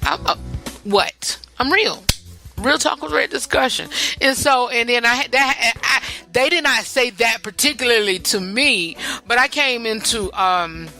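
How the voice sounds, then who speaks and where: A woman hosting a talk podcast rambles casually, circling back and repeating herself. Her voice is bright and forward. Faint music runs underneath. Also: on the high side, a little slow. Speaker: podcast host. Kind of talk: casual talk-show monologue.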